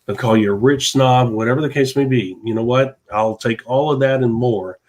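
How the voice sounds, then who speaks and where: A man's voice: medium pitch, normal speed, a little mellow. A man hosting a podcast, giving an emphatic, repetitive motivational monologue in a preachy tone. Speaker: podcast host.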